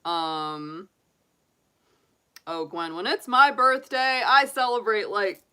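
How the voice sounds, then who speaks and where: A woman's voice: mid-range voice, slow, pushed and bright, smooth. A middle-aged woman hosting a tarot livestream, chatting casually with viewers, often laughing and talking straight to them. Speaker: tarot reader and channel host.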